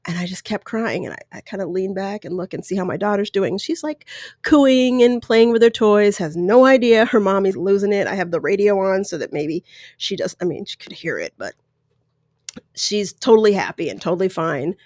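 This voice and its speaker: A woman's voice: mid-range voice, lively intonation, a little fast, darkish tone, no echo. Woman, 30s, podcast host, candid and emotional personal storytelling, close dry mic. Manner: candid, emotional, rambling with restarts. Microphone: close microphone.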